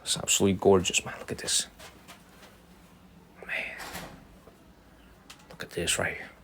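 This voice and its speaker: A man from Chicago hosting a casual livestream outdoors on city streets. He sounds excitable and repetitive, ending sentences with "man". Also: low-pitched, measured pace, a little hiss or hum. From Chicago, USA. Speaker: livestream host.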